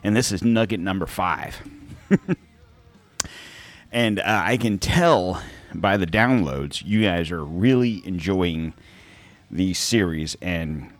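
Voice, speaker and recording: A man's voice: sits low, slow pace, long pauses, no echo, faint music behind. A man hosting a podcast in a casual, rambling monologue, laughing and correcting himself as he goes. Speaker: podcast host.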